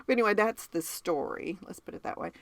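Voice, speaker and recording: A woman's voice: medium pitch, fast, vocal fry, dry recording. A woman with a Southern accent hosting a podcast in casual chat, who laughs often and keeps asking her cohost questions. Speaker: podcast host.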